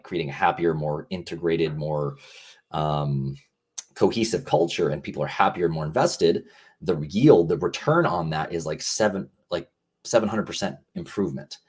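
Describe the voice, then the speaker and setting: A man's voice: sits low, moderate pace, a little mellow, husky. A man talking earnestly as a podcast guest, casual and rambling, with many fillers and restarts.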